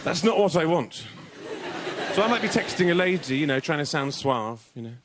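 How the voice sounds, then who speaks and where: A man doing a stand-up comedy set on a TV show, telling observational jokes in an animated way. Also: fairly high pitch, a little fast, heavy background noise. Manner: animated, mock French and mock-suave voices. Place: TV comedy studio stage. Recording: TV studio with loud audience laughter.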